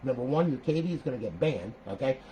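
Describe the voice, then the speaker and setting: A man's voice: mid-range voice, quick pace, low-quality recording. A man with an ordinary mid-range voice talks through a console setup step by step. He checks in with "okay?" constantly and flares up now and then. A faint noise hangs behind him. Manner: chatty, repeats "okay?", animated outbursts. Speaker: console modder giving a tutorial. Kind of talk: casual screen-recorded tutorial.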